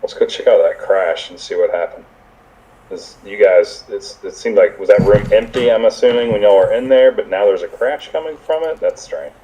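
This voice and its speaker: A man with a deep, mellow voice plays a tabletop horror game. He talks in an easygoing, upbeat way. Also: normal speed, muffled recording. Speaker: player.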